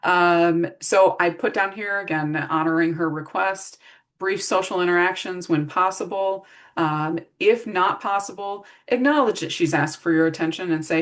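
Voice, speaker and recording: A woman's voice: fairly low pitch, normal speed. A middle-aged woman giving a casual training talk to care staff, walking through practical strategies and acting out example phrases. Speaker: behavior support trainer. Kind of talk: recorded staff training presentation.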